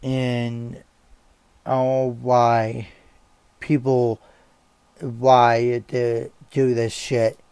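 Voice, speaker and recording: Slow-talking angry young man ranting. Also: mid-range voice, monotone, darkish tone, smooth, dry recording. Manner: swearing, halting, repeats himself. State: angry and upset. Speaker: vlogger. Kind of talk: angry rant to camera.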